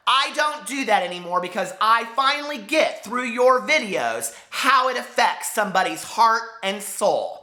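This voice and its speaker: A man in his forties with a high, squeaky voice, speaking in an impassioned, hurt vlog rant and swearing as he talks to the camera. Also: big pitch swings, a little slow, hardly any pauses, bright, forceful tone, roomy sound. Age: 40s. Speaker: book vlogger.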